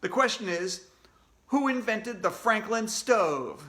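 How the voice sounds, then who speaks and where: A man voicing a cheerful adult quiz show host in a read-aloud storybook, announcing slowly. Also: high-pitched, animated, sharp tone, pitched above the performer's own voice, full character voice. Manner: slow, drawn-out quizmaster announcing.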